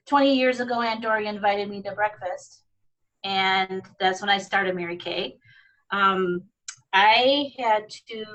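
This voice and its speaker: A woman's voice: medium pitch, bright, forceful tone, far from the mic, rough recording. A woman guest on a video call, speaking nervously and hesitantly with many fillers. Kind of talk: casual video-call chat.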